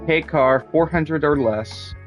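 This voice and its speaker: A gaming streamer with a slightly high voice narrates his own racing game at an unhurried pace, putting on a mock-formal, theatrical act and griping with exaggerated drama. The recording is rough, and loud game music plays behind him.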